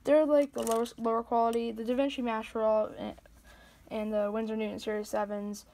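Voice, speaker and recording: A woman's voice: fairly high pitch, flat delivery, a little fast, mellow. A woman giving a casual tour of her scale model workbench, rambling and hesitant with many fillers, recorded at home.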